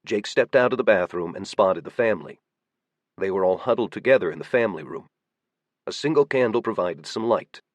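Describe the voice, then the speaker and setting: A man giving steady, measured audiobook narration. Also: fairly low pitch, no echo.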